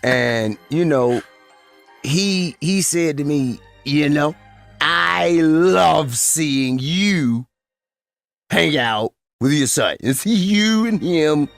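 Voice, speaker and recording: Laid-back man with lively pitch. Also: extremely slow, creaky. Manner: laid-back, imitates a drunk friend. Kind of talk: casual storytelling. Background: faint music.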